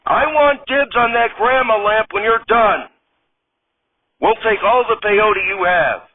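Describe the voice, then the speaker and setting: A man voicing an indignant suburban husband who talks in a drawn-out way. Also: high-pitched, a little hiss or hum, pitched above the performer's own voice. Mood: dazed. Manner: indignant, then drawn-out and dazed. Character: exasperated suburban husband, male, adult. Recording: tinny phone-like sound.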